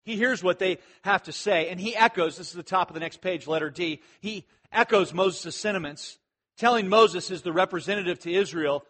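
Animated high-voiced male preacher. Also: normal speed. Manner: animated, shouts imperatives for emphasis; conversational asides with fillers. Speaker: pastor. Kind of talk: expository sermon.

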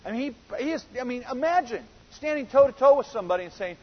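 A man's voice: very high-pitched, quick pace, few pauses, highs cut off. A male pastor preaching an earnest sermon that builds to emphatic moments.

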